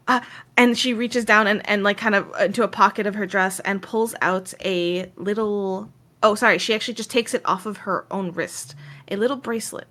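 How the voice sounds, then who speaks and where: A young woman narrating as game master, soft and halting, often dropping to a hush. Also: medium pitch, fairly even intonation.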